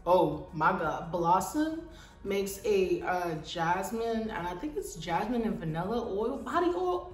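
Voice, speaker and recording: A woman's voice: medium pitch, big pitch swings, unhurried, far from the mic. A woman chatting animatedly and slangily to her viewers in a casual vlog. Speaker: mom vlogger. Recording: echoey room, voice a bit off-mic, light music.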